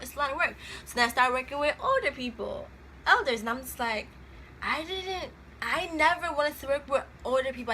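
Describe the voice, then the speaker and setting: A young woman in her twenties talks to the camera as if to a girlfriend, loose, slangy and rambling. Her voice is bright and a little high. Faint room noise sits behind her. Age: 20s. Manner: chatty, rambling, laughs often, slangy. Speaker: vlogger. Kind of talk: casual chat to camera.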